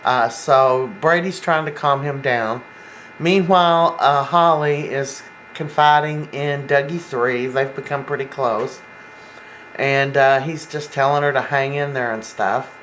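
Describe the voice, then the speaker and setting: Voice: medium pitch, measured pace, fairly bright tone, slight background noise, low-quality recording. A soap opera fan giving a casual, rambling episode recap, full of fillers and restarts. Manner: rambling, acts out quoted lines, many fillers.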